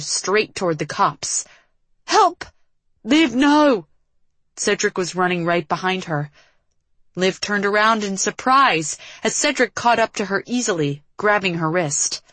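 A woman narrating an audiobook in a measured, dramatic reading. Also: medium pitch, animated, sharp tone, no room sound, rough recording. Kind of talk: scripted narration.

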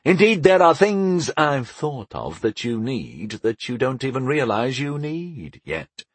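A man's voice: mid-range voice, sing-song, a little slow, husky, dry recording, voice pushed up. A man voicing a young, mischievous and smug male enchanter in an audiobook, with a knowing, playful delivery. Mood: eager. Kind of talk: audiobook character voice.

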